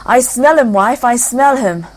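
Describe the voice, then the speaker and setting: A woman's voice: medium pitch, animated, fairly quick, lightly acted. A woman reading a fairy tale aloud, voicing a big greedy male ogre who bellows his demands. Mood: suspicious.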